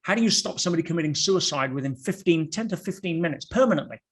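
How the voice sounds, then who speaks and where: A man talking as a guest on a podcast, telling stories in an animated way with rhetorical questions and quick restarts. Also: on the high side, breathy edge. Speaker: podcast guest, motivational speaker. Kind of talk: podcast conversation.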